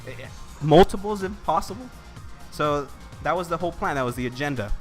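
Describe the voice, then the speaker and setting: A man's voice: a little high, expressive, brisk, faint music behind. Rambling man telling a complaint story. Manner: rambling, heavy with "you know" and "like" fillers. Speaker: commentator. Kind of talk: casual storytelling chat.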